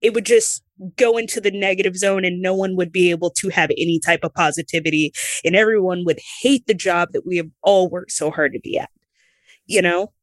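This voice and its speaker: A woman, a former pro wrestler, telling her story candidly in an interview, lively and acting out the voices of the people she quotes. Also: on the low side, brisk, dry recording. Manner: animated, acts out quoted voices, laughs between lines.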